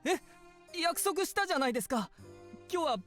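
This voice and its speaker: A woman's voice: very high voice, lively intonation, fast, a bit bright, faint music behind. An actress voicing an eager, flustered young male professor who stammers and apologizes nervously in a game. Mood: timid eager.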